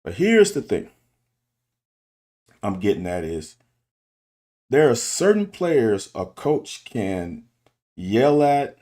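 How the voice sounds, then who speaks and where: A man's voice: mid-range voice, sing-song, slow pace, long pauses, warm tone. A middle-aged man and football coach talking candidly in a casual monologue, restarting and repeating himself to make his point. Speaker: football coach and show host. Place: car.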